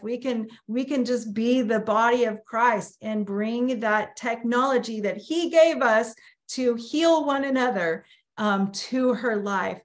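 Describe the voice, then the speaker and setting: A woman leading an online prayer meeting, speaking in an encouraging, faith-filled way with many fillers over a video call. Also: fairly high pitch.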